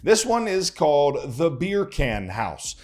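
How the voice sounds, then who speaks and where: A man's voice: fairly high pitch, very animated, takes it slowly, a little mellow. A man hosting a casual vlog, folksy and chatty, often repeating words as he goes. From Texas. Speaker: host, local lender. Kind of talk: casual vlog talk to camera.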